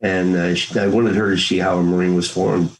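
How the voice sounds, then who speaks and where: An older man in his sixties talks through his memories as an interview guest. He is earnest and folksy, and he slips into the voices of family members as he retells old talks. His voice sits a little low. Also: little pitch movement, brisk, slight background noise, poor audio. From United States. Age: 60s. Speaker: interview guest, former Marine. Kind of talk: conversational storytelling.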